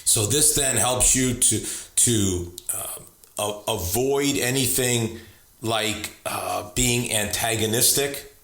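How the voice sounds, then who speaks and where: A man's voice: lowish voice, slow pace, creaky, a bit bright. A man giving an earnest, conversational teaching talk, often repeating words and restarting his sentences. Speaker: speaker on leadership and relationships. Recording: roomy echo.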